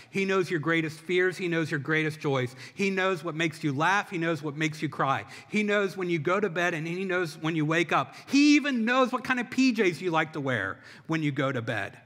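A man's voice: a little high, bright, forceful tone. A man preaching a sermon as a pastor, impassioned, with rhythmic repetition. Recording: long hall reverb.

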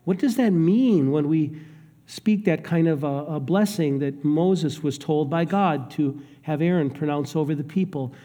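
Guy preaching slow, kinda higher voice, big echo from the church hall. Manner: dramatic swings between hushed and raised delivery. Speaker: pastor. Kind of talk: sermon. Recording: long hall reverb.

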